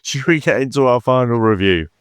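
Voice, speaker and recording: A man's voice: mid-range voice, animated, fairly quick, clean tone. Dry-joking man on a film podcast. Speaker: podcast co-host. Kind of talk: casual film review chat.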